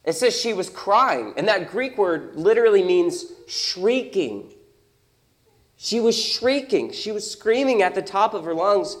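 A man's voice: high voice, sing-song, moderate pace. A young adult man preaching a sermon as pastor, conversational and emphatic, with many rhetorical questions.

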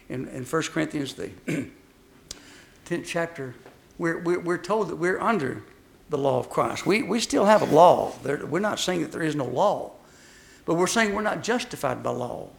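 Male preacher, sermon, folksy storytelling, high voice, gravelly. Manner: folksy storytelling, emphatic swings between loud and hushed.

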